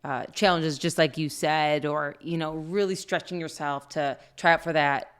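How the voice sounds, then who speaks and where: A middle-aged woman co-hosting a podcast, telling a story in a lively, laughing way with lots of fillers. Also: low voice, normal speed, clean tone. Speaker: podcast co-host. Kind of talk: casual storytelling chat.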